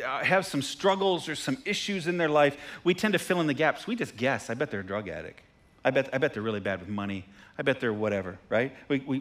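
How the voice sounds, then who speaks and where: A male pastor preaching a sermon, an animated storyteller who pokes fun at himself and keeps asking the room "right?". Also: sits high. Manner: animated storyteller with self-deprecating asides, tags lines with "right?".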